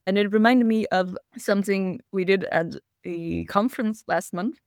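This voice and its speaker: A woman's voice: medium pitch, moderate pace, a little mellow, clean tone, dry recording, clean studio sound. A woman hosting a casual livestream talk, chatty and laughing often as she reads the chat. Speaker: host.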